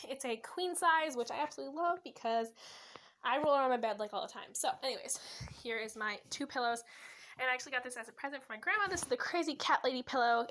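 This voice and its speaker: A woman's voice: sits high, sharp tone, a little hiss or hum. A woman vlogging a casual tour of her bedroom, chatty and rambling, full of fillers and self-corrections, recorded on a phone. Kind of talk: casual room tour vlog. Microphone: phone camera.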